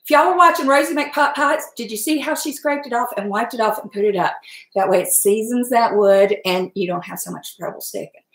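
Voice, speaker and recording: A middle-aged woman, hosting a casual cooking stream from her home kitchen, folksy and chatty, laughing often and talking fast from nerves. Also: a little high. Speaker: home cook and channel host. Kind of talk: casual cooking livestream chat. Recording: echoey kitchen room.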